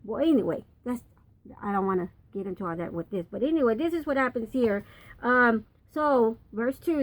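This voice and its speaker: A woman's voice: a little high, fairly quick, rough recording. An older woman, a grandmother, reading Bible passages aloud and explaining them in a chatty, folksy way. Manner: chatty, folksy asides, reads scripture aloud. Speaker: grandmother teaching Bible lessons.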